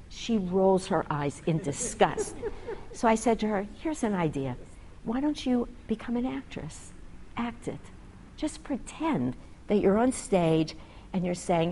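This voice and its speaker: A woman's voice: on the low side, animated, unhurried, warm tone, a little hiss or hum, poor audio. A woman physician earnestly telling a story about a patient, reflective and acting out the conversation between them. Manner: earnest, reflective, acts out dialogue.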